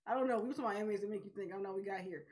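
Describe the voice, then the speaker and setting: Picture a woman co-hosting a relaxed chat about shows. She talks in a lively way, laughs often and drops into little voices whenever she quotes someone. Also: medium pitch, very fast. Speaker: podcast co-host. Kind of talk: casual anime chat.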